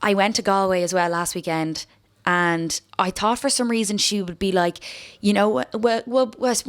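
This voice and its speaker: A woman in her late twenties with an Irish accent, chatting casually in a vlog as she answers viewer questions, rambling, restarting and swearing freely. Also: medium pitch. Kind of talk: casual chat.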